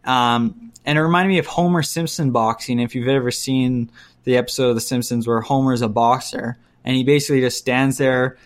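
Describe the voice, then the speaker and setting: A man talking in a casual, relaxed chat with a middle-pitched voice. He rants bluntly, piles on his complaints and breaks into quick mimicked voices as he goes. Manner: ranting, blunt, mimics voices mid-story. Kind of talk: casual chat reviewing movies.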